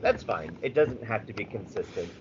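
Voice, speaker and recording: Low-voiced man in casual podcast chat. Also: moderate pace. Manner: animated, swearing, rambling with fillers. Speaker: podcast co-host. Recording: slightly dull audio with faint background noise.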